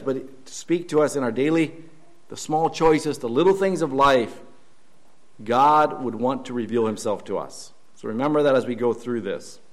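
A man preaching a Sunday morning sermon in a church, earnest and halting, often repeating words and posing questions to the congregation. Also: on the high side.

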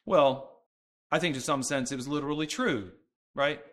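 A man's voice: on the high side, moderate pace, fairly bright tone. A man preaching a sermon, talking earnestly and conversationally and often restarting his sentences. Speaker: pastor.

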